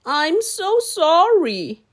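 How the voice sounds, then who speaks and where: A woman reading aloud voices a big, friendly storybook dinosaur. He talks slowly and gently, in an easy, unhurried way. He always sounds kind and ready to help. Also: extremely high pitch, very animated, pitched above the performer's own voice, full character voice. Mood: gentle.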